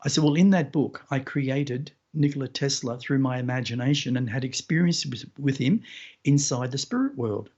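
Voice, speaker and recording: A man hosting a podcast, telling a first-person story in an unhurried, earnest way. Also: medium pitch, expressive, darkish tone, dull audio. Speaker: podcast host.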